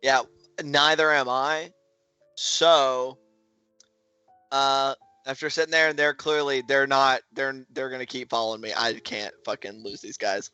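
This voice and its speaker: A man's voice: mid-range voice, fairly even intonation, measured pace, pushed and bright, clear, resonant tone, no echo, soft background music. Chatty man playing a tabletop game. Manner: chatty, hesitant, laughs often. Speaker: player. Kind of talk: casual tabletop play.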